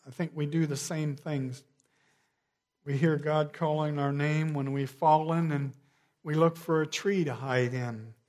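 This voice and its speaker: A man preaching a sermon, measured, sinking to a quiet hush on key phrases. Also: a little high. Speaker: pastor.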